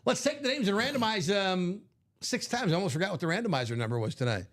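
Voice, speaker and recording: A man's voice: sits high, lively intonation, quick pace, fairly bright tone. A middle-aged man hosting a live card-break stream, chatting casually and upbeat and laughing often.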